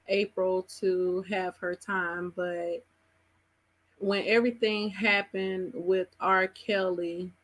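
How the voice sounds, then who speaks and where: A woman hosting a live open mic, talking casually and chattily and laughing between introductions. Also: medium pitch. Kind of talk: casual live emcee talk.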